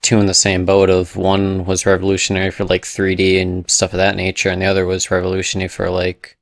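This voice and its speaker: A man's voice: low voice, monotone, fast talker, dry recording, studio quality. A young man co-hosting a podcast in casual chat, laid-back and wry. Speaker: podcast co-host.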